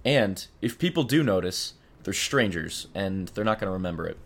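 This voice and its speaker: A young man in his twenties hosting a comedy podcast, delivering a scripted monologue with deadpan, self-deprecating humor. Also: low voice, moderate pace. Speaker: podcast host.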